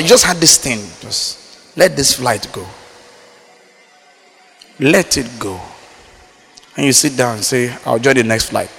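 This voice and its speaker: A man from Nigeria preaching a sermon, swinging between loud emphatic lines and low quiet asides. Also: expressive, moderate pace, pauses often. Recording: reverberant hall.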